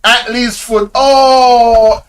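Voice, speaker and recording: A man's voice: very high voice, steady tone, drawn-out words. A man hosting a reaction video, exclaiming in disbelief, laughing often and talking to his viewers in casual slang. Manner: slang-heavy, addresses viewers directly.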